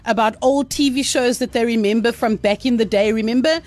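A woman's voice: on the high side, a little fast, darkish tone. A woman with a South African English accent, a radio presenter bantering and teasing a guest, laughing often.

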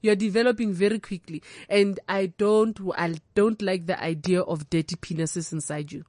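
A woman's voice: mid-range voice, steady tone, moderate pace, darkish tone, no room sound, studio quality, natural voice. A South African woman voicing her frank, loving mother, a veteran nurse giving blunt advice. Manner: frank, matter-of-fact advice.

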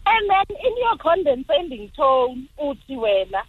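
A woman's voice: sits high, big pitch swings, moderate pace, no room sound. A South African woman calling in to a radio show, venting emphatically. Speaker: caller. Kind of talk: casual phone-in chat. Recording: tinny phone line.

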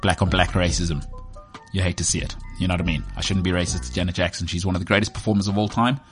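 A South African man in his thirties talks in a slightly low voice. He rambles through a sports show with jokes at his own expense. Faint music plays underneath. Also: steady tone, fast. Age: 30s. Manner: joking, self-mocking, drifts off topic. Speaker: sports podcast host. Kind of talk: rambling comic monologue.

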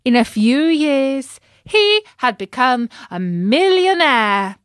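A woman narrating a children's story in a gentle way, talking to young listeners. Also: sits high, very animated, takes it slowly, no echo, clean studio sound.

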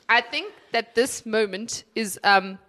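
A woman's voice: fairly high pitch, slow pace, sharp tone. A young woman co-hosting a radio show, teasing her co-host with giggles and dry jabs in casual chat. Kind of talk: casual studio banter.

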